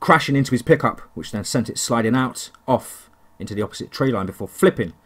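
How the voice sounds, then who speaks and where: A man narrating a first-person horror story, telling it in a steady, deliberate way. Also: medium pitch, husky.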